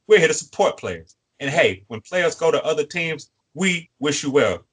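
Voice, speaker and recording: A man's voice: a little high, sing-song, moderate pace, a bit bright, breathy edge. A man co-hosting a sports fan show, lecturing a player in a repetitive, preachy way. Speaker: co-host. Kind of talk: fan sports podcast talk.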